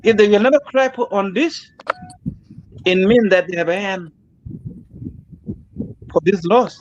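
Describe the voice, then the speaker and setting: A man's voice: high voice, moderate pace, long pauses, muffled recording, a little hiss or hum. A man, a guest in an online interview, making a grieving, impassioned plea that circles back on its words. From South Sudan.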